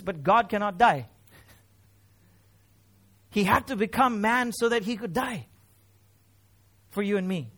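High male pastor, emotional sermon delivery, swells and drops. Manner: emotional, swells louder on key phrases then drops low. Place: church.

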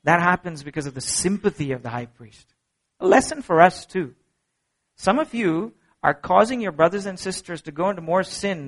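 A middle-aged man preaching a sermon as pastor, earnest and emphatic, swinging from soft low passages to ringing peaks. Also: lively intonation, normal speed.

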